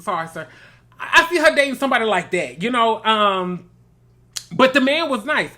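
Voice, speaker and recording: A man runs a reality TV recap, chatty and sassy. His voice is bright and forceful, and he keeps calling his listeners baby and girl. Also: high-pitched. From Mississippi. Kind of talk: casual review commentary.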